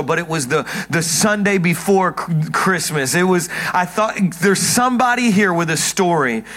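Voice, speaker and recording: A man with a notably high speaking voice delivers a sermon from a church stage. He talks straight to the congregation. His tone swings between self-mocking humor and urgent, earnest appeals. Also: fairly bright tone. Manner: jokey, self-mocking preaching with frequent laughs. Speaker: pastor.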